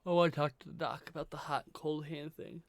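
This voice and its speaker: A man's voice: fairly high pitch, fairly even intonation, fast, a little hiss or hum. A man chatting casually on a livestream, rambling, swearing freely and trailing off mid-sentence. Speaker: livestream co-host. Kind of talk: casual chat while drawing.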